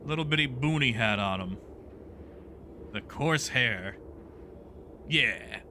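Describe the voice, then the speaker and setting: Streaming a game from home, this man riffs and jokes on live viewers' messages in a casual chat. His mid-range voice has lively intonation and a bright, forceful tone, though his pace is slow; slight background noise is audible.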